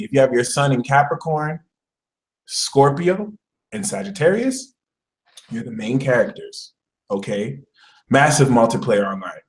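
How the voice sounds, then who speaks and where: Animated man with a lively voice. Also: mid-range voice, rough recording. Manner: animated, comic storytelling with many fillers. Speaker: astrologer. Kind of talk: casual astrology vlog.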